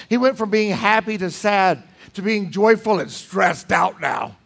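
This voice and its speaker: A pastor preaching in a church, emphatic, with dramatic swings between loud lines and hushed ones. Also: male voice, high-pitched, measured pace, gravelly. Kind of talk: sermon. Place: church sanctuary.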